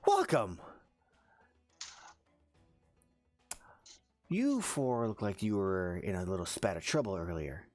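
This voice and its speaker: A man voicing an old, smiling half-elf merchant with hushed, sly sales patter. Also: low-pitched, sing-song, normal speed. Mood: welcoming.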